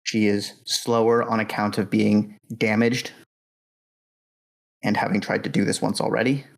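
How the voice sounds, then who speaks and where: A man narrating as game master of a tabletop horror game, calm and matter-of-fact with frequent fillers. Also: on the low side, unhurried, gravelly, poor audio.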